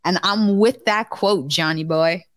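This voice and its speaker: A middle-aged woman in casual podcast chat, an animated storyteller who laughs often. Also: fairly low pitch, a little slow, no echo. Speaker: podcast co-host.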